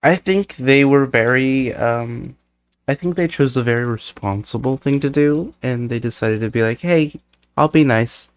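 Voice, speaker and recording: A man's voice: mid-range voice, moderate pace, clean tone. A man co-hosting a podcast, chatting in a casual, easygoing way. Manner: easygoing, laughing along. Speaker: podcast co-host. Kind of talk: casual chat.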